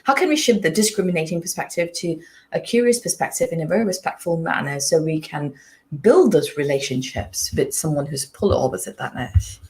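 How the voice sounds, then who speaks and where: A woman's voice: low voice, lively intonation, brisk, darkish tone. A woman hosting a podcast discussion, talking earnestly and repeating points for emphasis. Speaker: podcast host. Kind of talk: casual discussion.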